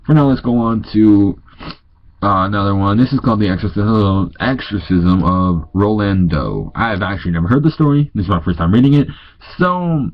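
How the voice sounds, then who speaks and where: A man's voice: fairly low pitch, lively intonation, moderate pace, dull audio. A tired young man from North Dakota with a stuffy nose, reading ghost stories aloud, stumbling over words and correcting himself. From North Dakota, USA. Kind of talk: casual read-aloud with asides.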